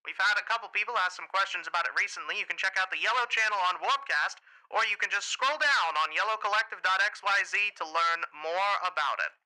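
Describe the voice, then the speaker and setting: A man's voice: sits high, bright, forceful tone. A man putting on a tinny old-time radio announcer. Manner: pinched mid-range announcer accent. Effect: old radio filter.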